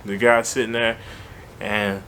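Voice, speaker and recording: A man tells a story in an animated, slangy, conversational way. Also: fairly low pitch, measured pace, slight background noise. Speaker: vlogger. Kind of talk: casual storytelling.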